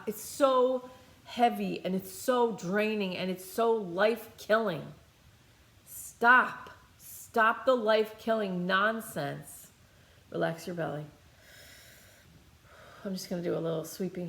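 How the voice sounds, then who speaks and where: A meditation teacher with a mid-range voice leads a guided healing meditation, recorded in an echoey room. Her delivery is loose and conversational, rambling with plenty of fillers and restarts. The talk leans toward channeling.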